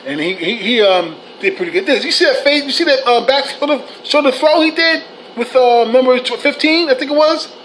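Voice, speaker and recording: A man with a notably high voice delivers a heated, profane fan rant, blunt and scolding toward his viewers. He gets animated and loud at times. A faint hiss sits under the recording. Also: brisk, poor audio. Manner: animated, swings to shouting. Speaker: sports fan commentator.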